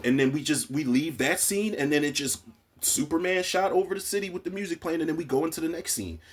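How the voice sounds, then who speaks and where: Husky-voiced man recapping a show. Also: on the high side, quick pace. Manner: animated, profane, acts out characters' lines. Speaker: TV recap podcaster. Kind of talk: casual spoiler recap.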